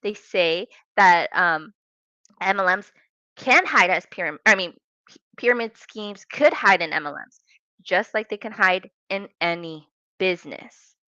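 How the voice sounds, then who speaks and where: A woman reacting to clips with a sassy, mocking, emphatic manner. Her voice is bright and forward, recorded dry with a slightly dull, lo-fi sound. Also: lowish voice, lively intonation, a little slow, no echo. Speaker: commentary youtuber. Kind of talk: reaction commentary.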